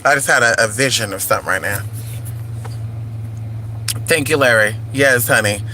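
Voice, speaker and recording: A man's voice: mid-range voice, moderate pace, bright, forceful tone, slight background noise, rough recording. A man vlogging in casual chat, playful and crude, calling his viewers honey and y'all.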